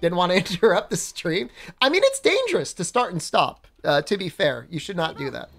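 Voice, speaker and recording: A woman's voice: fairly low pitch, big pitch swings, fairly quick, vocal fry, soft background music. A woman streamer casually telling a rambling story during a live stream, often breaking into laughs. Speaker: game streamer.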